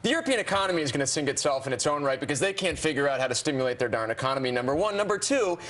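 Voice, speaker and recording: A man's voice: a little high, animated, racing, a bit bright. A man speaking as a guest on a TV panel, brash and joking. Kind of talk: TV panel discussion.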